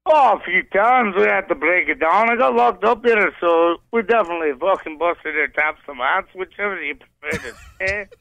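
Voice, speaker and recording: Hoarse, gravelly profane caller. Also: male voice, sits high, moderate pace, few pauses, pushed and bright, no echo, highs cut off. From Scotland. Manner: profane, boastful tough-guy bragging. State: hoarse, voice cracking. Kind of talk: crude comic call-in banter.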